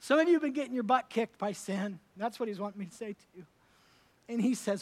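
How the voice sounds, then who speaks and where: High-voiced man preaching with emphatic swings. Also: animated, fast talker. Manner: emphatic and conversational, swinging from loud to soft. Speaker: pastor. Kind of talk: sermon. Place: church service.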